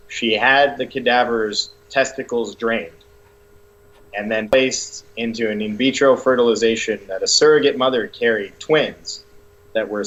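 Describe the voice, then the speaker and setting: A man who works as a business consultant, describing his career in a relaxed, casual interview. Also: medium pitch, muffled recording.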